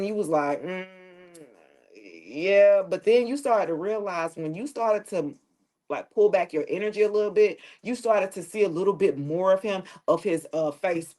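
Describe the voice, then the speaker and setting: A woman's voice: on the low side, a little mellow. A woman reading tarot on a live stream, chatting casually and joking with slang and profanity, often laughing as she talks.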